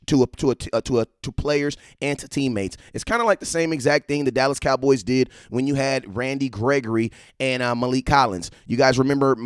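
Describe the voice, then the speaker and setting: A man hosting a casual live-stream about football, animated and slangy, repeating himself and breaking into excited shouts. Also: medium pitch, clear, resonant tone, dry recording, studio quality. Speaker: live-stream sports talk host.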